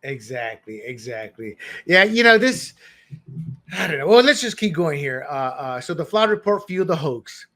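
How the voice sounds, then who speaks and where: A man co-hosting a political talk show, animated and joking, often restarting his words. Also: on the high side, normal speed. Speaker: podcast co-host. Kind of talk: political commentary chat.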